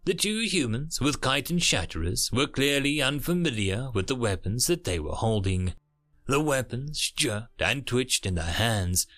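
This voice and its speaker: Man narrating a dramatic story, lively pitch. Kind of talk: audiobook-style story narration.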